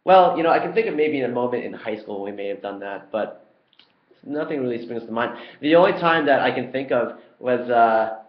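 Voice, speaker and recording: A young man answering community questions in a relaxed, chatty way, with frequent ums and uhs. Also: medium pitch, fairly quick. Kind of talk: casual Q&A video. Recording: roomy, dull lo-fi sound.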